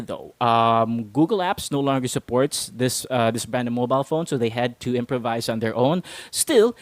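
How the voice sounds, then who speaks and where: A man's voice: medium pitch, no echo. A man hosting a casual English pronunciation lesson, playful and chuckling often as he drills listeners. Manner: playful, chuckles often. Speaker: English pronunciation teacher and host.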